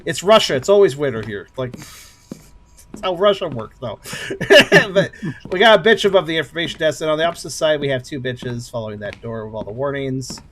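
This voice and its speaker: A man's voice: fairly high pitch, brisk, a bit bright. A man with an Oregonian accent, chatting and joking while he plays a game, laughing often and thinking aloud. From Oregon, United States. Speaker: let's play host. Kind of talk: casual gaming commentary.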